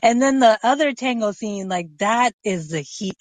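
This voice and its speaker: A woman calls in to chat, gushing with quick laughs and gasps, her voice sounding dry and close, with no room around it. She talks from inside a closet. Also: fairly high pitch, animated, no room sound. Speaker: caller. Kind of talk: casual chat. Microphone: phone app call.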